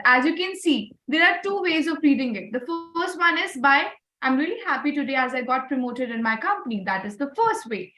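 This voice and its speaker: Brief: woman trainer, high voice, echoey online call, coaxing students along. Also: sharp tone, recorded from a distance. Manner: encouraging, asks the class questions, often adds "right?". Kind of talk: live webinar teaching.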